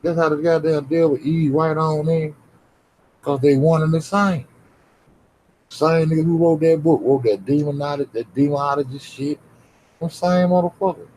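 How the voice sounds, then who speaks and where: A man's voice: fairly high pitch, fairly even intonation, normal speed, a little mellow, a little hiss or hum, low-quality recording. A man, ranting profanely and confrontationally at his livestream chat. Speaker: livestream host.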